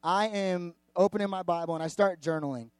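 This pastor's voice is high-pitched and clean in tone, and he speaks fairly quickly, with no echo. Preaching to a live church audience, he tells stories in an animated, candid, chatty way, with lots of asides and "like."

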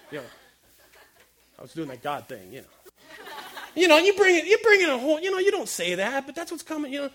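A man preaches in a high voice that leaps up and down, joking and firing questions at the crowd. His tone is bright and forceful, and he acts out little scenes as he talks. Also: very animated, a little fast, pauses often. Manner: jokey, quizzes the crowd, acts out stories. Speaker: preacher speaking to a youth audience. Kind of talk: lively comic sermon.

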